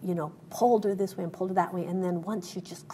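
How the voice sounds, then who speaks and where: A woman's voice: fairly low pitch, fairly even intonation, quick pace, dark tone, a little hiss or hum. A woman guest in an interview, telling a personal story in an earnest way, with many fillers and restarts.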